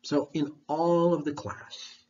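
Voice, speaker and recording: A man's voice: fairly high pitch, little pitch movement, slow pace, warm tone, breathy edge. A man teaching an online English lesson, talking patiently and repeating his questions, with a throat candy in his mouth. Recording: dull lo-fi recording.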